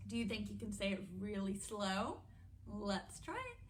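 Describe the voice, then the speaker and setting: Animated, unhurried woman reading to children. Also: medium pitch, slight background noise. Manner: animated and playful, speaking to children. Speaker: children's story time host. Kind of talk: children's story time read-aloud.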